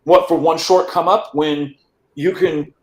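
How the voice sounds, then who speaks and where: A man's voice: fairly high pitch, a little slow, roomy sound, rough recording. A man being interviewed, telling a long personal story in a casual way, acting out what people said and restarting phrases now and then. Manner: animated, acts out quotes, some stammered restarts. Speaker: interview guest.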